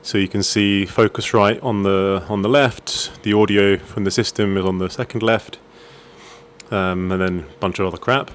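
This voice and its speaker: A man's voice: fairly low pitch, steady tone, moderate pace, slight background noise. A man casually talking through his gaming and streaming desk at home, rambling a little with fillers and restarts. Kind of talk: casual desk setup tour. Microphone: desk microphone on arm.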